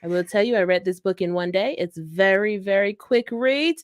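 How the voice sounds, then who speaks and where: A woman's voice: mid-range voice, moderate pace. A woman co-hosting a live chat show as its producer, playful and teasing. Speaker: executive producer, co-host.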